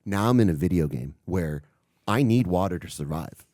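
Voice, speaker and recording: Man, low voice, casual podcast storytelling, animated, swears, dry close sound. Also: normal speed, no echo. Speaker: podcast co-host.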